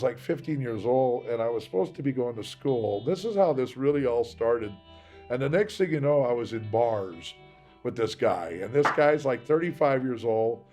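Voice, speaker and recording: Male interviewee, mid-pitched, candid storyteller from Seattle, rambling delivery with acted-out quotes. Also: warm tone. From Seattle, USA. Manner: rambling, acts out quoted voices. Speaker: interviewee, singer.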